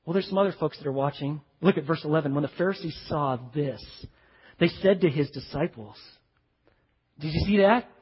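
Male pastor with a husky voice, high and lively, preaching conversationally in an echoey, dull-sounding church. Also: a little fast. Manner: animated, conversational preaching with asides. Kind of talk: sermon.

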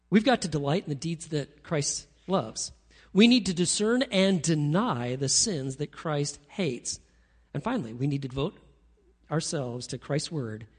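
Husky, animated male preacher. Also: fairly high pitch. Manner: animated preaching, swings between loud emphasis and quiet asides. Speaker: pastor. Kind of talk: sermon.

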